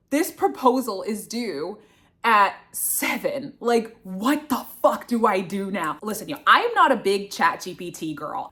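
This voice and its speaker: A woman in her twenties telling a casual storytime vlog, animated and swearing, acting out her own panicked thoughts. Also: medium pitch. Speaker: grad student storyteller.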